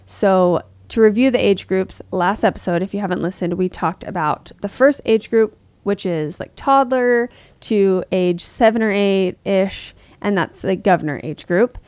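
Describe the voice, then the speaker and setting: A woman's voice: mid-range voice, unhurried, hardly any pauses, a little mellow, no room sound. A woman in her thirties co-hosting a parenting podcast, chatting casually and acting out quoted voices. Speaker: podcast co-host.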